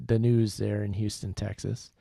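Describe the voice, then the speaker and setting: A man's voice: lowish voice, flat delivery, normal speed, gravelly, mellow, dry recording, clean studio sound. A man co-hosting a casual live-stream podcast, rambling and correcting himself as he plugs the show's channels. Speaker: podcast co-host.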